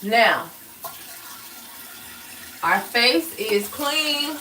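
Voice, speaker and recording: A woman's voice: expressive, very slow, pushed and bright, slight background noise. A woman hosting a casual livestream at home, chatting through her skincare routine, reading viewer comments aloud and laughing often. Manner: laughs often, bursts into high squeals. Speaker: livestream host.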